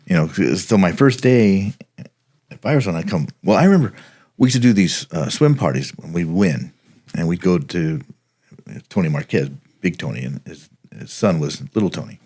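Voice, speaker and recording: A man's voice: sits low, normal speed, husky. A middle-aged man from the Los Angeles area, a retired homicide detective, telling rambling stories in casual podcast chat. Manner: relaxed, rambling anecdotes with many fillers.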